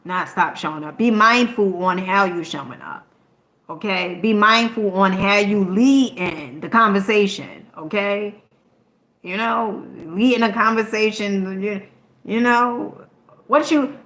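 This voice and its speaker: A woman's voice: medium pitch, takes it slowly, fairly bright tone. Emphatic woman vlogger in an echoey room. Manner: emphatic and preachy, keeps asking "okay?", swears casually. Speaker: content creator. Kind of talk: motivational talk to camera.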